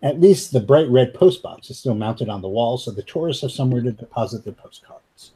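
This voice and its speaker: A man with a husky voice narrating a tabletop role-playing game as game master, in a descriptive way that breaks into easy laughter. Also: medium pitch, expressive, fairly quick, mellow, low-quality recording.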